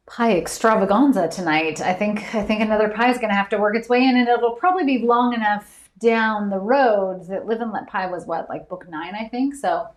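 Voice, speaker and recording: A woman hosting a live trivia stream, chatty and quick to laugh as she reads out viewers' answers. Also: medium pitch, echoey room. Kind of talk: casual live-stream chat.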